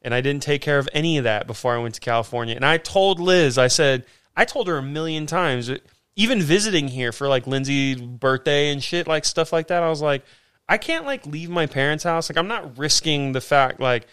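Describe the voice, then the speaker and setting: Profane storyteller man, smooth voice. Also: on the high side, fairly quick. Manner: profane storyteller, mimics himself in loud quoted bursts. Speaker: podcast co-host. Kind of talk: casual chat.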